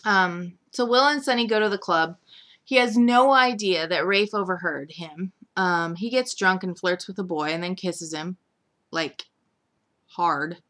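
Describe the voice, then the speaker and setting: A woman's voice: lowish voice, unhurried, a bit bright. A woman casually recapping a week of a soap opera, rambling with lots of "like" and "um". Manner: rambling, filler-heavy with frequent "like" and "um".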